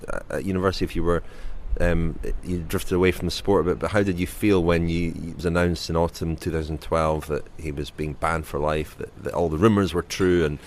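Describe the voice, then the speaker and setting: Deep-voiced rambling podcast host. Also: male voice, flat delivery, brisk, hardly any pauses, a little mellow, slight background noise. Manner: rambling, hesitant, many fillers and restarts. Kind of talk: casual podcast chat and interviewing.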